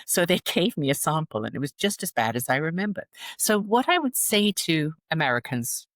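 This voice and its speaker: Lively British woman telling stories. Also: deep voice, fairly quick, dry recording. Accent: British English. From England. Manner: animated storytelling, laughs often. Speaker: guest. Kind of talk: casual interview chat.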